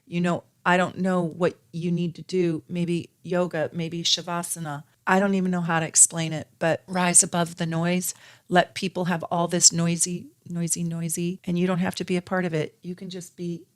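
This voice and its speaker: Middle-aged woman astrologer, slightly low voice; earnest, animated advice with repeated phrases. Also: moderate pace. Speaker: astrologer and tarot reader. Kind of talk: casual spiritual advice to viewers.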